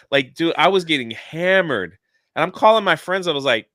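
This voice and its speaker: A man on a livestream telling a long story in an animated, chatty way, jumping in and out of quotes. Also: a little high, brisk, clean tone, dry recording, studio quality. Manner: animated, jumps into quoted voices. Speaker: YouTuber guest. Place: lives near a theme park in Florida.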